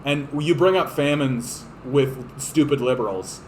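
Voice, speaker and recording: A man's voice: medium pitch, a little slow, darkish tone, a little hiss or hum, low-quality recording. A man hosting a livestream, delivering an impassioned, profane political rant that repeats itself for emphasis. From Canada. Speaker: livestream host. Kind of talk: ranting political livestream monologue.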